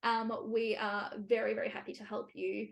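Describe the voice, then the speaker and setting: A woman's voice: on the high side, level tone, moderate pace, creaky, lo-fi sound. Chatty woman podcast host. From Australia. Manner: chatty, laughs easily, many fillers. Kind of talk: casual podcast conversation.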